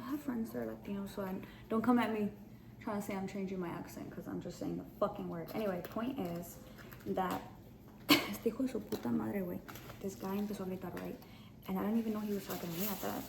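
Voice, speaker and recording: A woman's voice: medium pitch, gravelly. Blunt, foul-mouthed woman telling a story. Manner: profane, blunt and animated. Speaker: storytime vlogger. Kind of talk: casual storytime. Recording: background noise.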